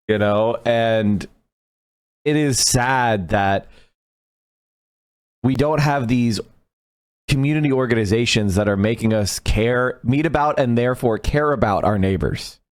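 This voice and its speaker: A man's voice: mid-range voice, no echo. A man giving blunt, profane political commentary on a livestream.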